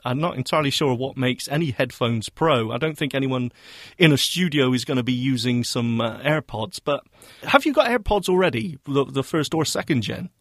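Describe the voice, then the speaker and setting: A man's voice: medium pitch, animated, moderate pace, no echo, clean studio sound. A man co-hosting a tech radio show in casual chat, teasing his partner and laughing often. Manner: jokey, teasing banter with frequent laughs.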